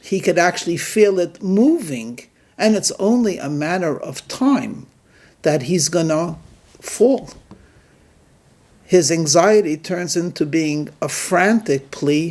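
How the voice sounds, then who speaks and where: A man giving a sermon as a rabbi, telling a story and drawing its lesson in a measured, deliberate way. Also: a little high, expressive, a little mellow. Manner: measured, deliberate delivery with emphatic pauses.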